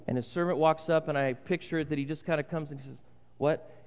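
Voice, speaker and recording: Male pastor, slightly high voice, dramatic sermon delivery with hushed emphasis; reverberant church, muffled lo-fi sound. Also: fairly even intonation, fast, clear, resonant tone. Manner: earnest, dramatic, drops to a hush for emphasis. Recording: reverberant hall, dull lo-fi sound.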